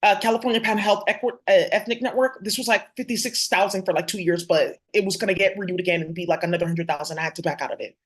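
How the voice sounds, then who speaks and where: A woman vlogger rants in a fast, confrontational torrent, swearing freely as she speaks straight to her viewers. Her voice sits at an ordinary middle pitch, but her pace never lets up. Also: fairly even intonation. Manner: rapid, profane, confrontational. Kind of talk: heated direct-to-camera rant.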